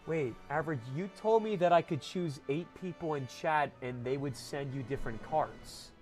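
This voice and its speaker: A man streaming live, chatting casually with viewers and swinging from mumbled asides to loud, laughing protests. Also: a little high, moderate pace, soft background music.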